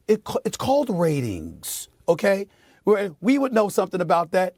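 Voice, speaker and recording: A middle-aged man hosting a sports debate show, making his point with forceful, preachy repetition in a TV studio. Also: fairly high pitch, no room sound. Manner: emphatic and preachy, repeats phrases for effect. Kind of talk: heated on-air sports commentary.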